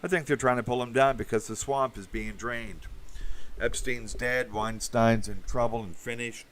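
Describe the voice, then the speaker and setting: A man's voice: mid-range voice, fairly even intonation, normal speed, fairly bright tone. A man hosting a rambling political commentary livestream, talking in a meandering way with many fillers and sardonic asides. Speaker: channel host.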